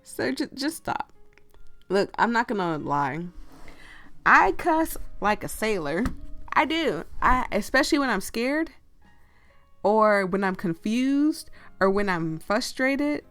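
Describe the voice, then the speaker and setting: A woman's voice: mid-range voice, very animated, slow pace, a bit bright, dry recording, faint music behind. A woman playing a story game, chatting in rambling, giggly tangents while losing her voice. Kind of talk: casual commentary and reading aloud.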